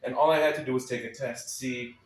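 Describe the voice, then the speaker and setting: A man reads his own essay aloud on a small club stage, his tone wry and sardonic, dropping dry asides as he goes. His mid-pitched voice sits a little back from the microphone, and the room rings with a noticeable echo. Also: steady tone, a little fast. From Texas, United States. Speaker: spoken-word performer. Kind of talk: reading a personal essay aloud at a live club night. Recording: echoey room, voice a little far from the mic.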